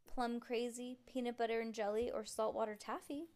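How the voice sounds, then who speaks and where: A woman reading a children's book aloud at home, voicing the characters in a lively way and stopping to chat and laugh with a child. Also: on the high side, moderate pace, few pauses. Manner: lively, voices the characters, chats and laughs between passages. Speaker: reader.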